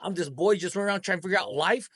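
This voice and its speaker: Animated man telling stories, dry sound. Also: sits high, racing, no echo. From United States. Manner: animated, acts out quoted voices. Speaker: guest. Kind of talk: storytelling interview.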